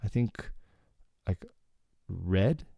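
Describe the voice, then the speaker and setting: A man teaching Korean through song lyrics in a relaxed, explanatory way, often checking in with "okay" and filling with "like". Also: low voice, very slow, vocal fry, breathy edge, no room sound, studio quality. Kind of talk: casual lyrics breakdown lesson.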